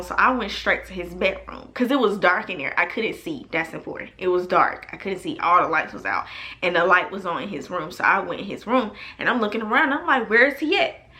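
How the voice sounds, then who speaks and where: Mujer animada contando una historia, voz brillante. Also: female voice, mid-range voice. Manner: animated and emphatic, addresses viewers as y'all. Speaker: storytelling vlogger. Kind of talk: casual storytime vlog.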